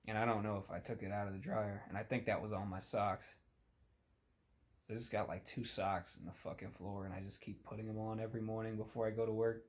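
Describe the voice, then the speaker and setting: A man's voice: lowish voice, fairly quick. Profane rambling young man ranting. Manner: crude, profane, deadpan rambling with sudden shouty outbursts. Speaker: comedic monologue host. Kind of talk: rambling comedic rant.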